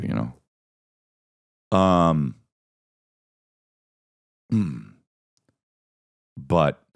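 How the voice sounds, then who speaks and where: A man with a very low, gravelly voice and plenty of fry tells comic stories on his podcast. He rambles, swears freely and throws in sarcastic asides. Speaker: podcast host and stand-up comedian. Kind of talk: casual comedic storytelling.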